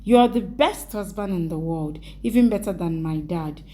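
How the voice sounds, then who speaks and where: A woman's voice: on the low side, normal speed, warm tone, slight background noise, natural voice. A woman reading as an upset young wife. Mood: delighted. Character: young wife, hurt and needy.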